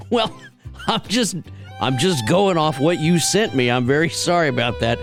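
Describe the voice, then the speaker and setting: A Southern man hosting a casual radio show, easygoing and quick to chuckle. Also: medium pitch, big pitch swings, soft background music. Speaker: radio host.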